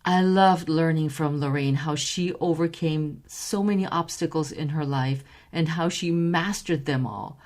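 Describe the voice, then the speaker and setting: A woman's voice: low voice, a little mellow. Effusive woman podcast host. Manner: enthusiastic, effusive agreement. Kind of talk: podcast interview and outro.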